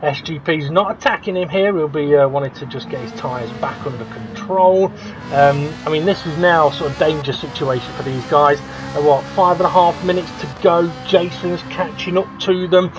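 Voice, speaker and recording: Excitable man commentating a race. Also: a little high, normal speed, over music. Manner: excitable, laughs often, rises sharply at incidents. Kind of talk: sim racing commentary. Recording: dull lo-fi audio with clear background noise.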